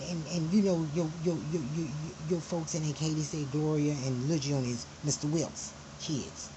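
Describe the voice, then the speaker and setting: A woman's voice: low-pitched, background noise. A woman telling a family story in an angry personal monologue, profane and emphatic, flaring into heated outbursts.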